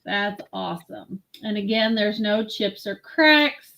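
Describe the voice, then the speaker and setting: A woman hosting a live-stream vintage sale, slowly admiring and describing glassware. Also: medium pitch, creaky, fairly bright tone. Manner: slow, admiring product descriptions.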